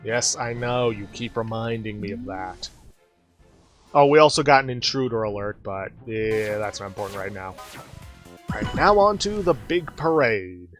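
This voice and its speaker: A man's voice: fairly low pitch, animated, normal speed, fairly bright tone, soft background music. A man hosting a let's play, explaining the game step by step as he plays. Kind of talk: casual game commentary.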